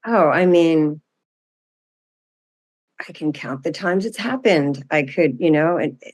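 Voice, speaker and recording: A woman, a guest in a self-inquiry session, talking candidly and reflectively, a bit halting. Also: deep voice, slightly rough.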